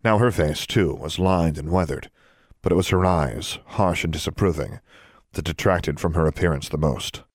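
A man reading a story aloud as a narrator, in a steady, measured way. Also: sits low, no room sound. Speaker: audiobook narrator. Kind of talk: scripted narration.

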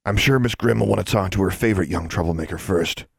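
Man doing a gruff teasing school custodian. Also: low voice, fast talker, no room sound, studio quality, exaggerated voice. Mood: stern.

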